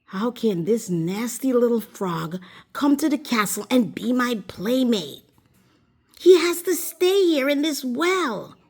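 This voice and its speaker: A woman's voice: fairly high pitch, very animated, takes it slowly, a little mellow, slightly rough, heavily acted. A woman voicing a young spoiled princess in a storybook reading, with a sing-song, emphatic manner. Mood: scornful. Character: young spoiled princess, tearful then careless.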